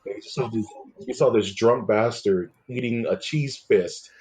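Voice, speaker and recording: A man's voice: mid-range voice, unhurried, a crowd in the background. A man hosting a podcast in loose, jokey casual chat, calling people "man" and "dude". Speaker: podcast host.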